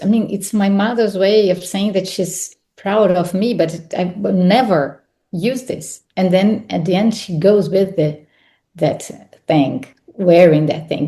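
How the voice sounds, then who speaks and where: A woman's voice: on the low side, mellow. A woman with an Italian accent, a guest on an interview podcast, speaking reflectively with hesitant, restarted phrases. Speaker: actress and guest.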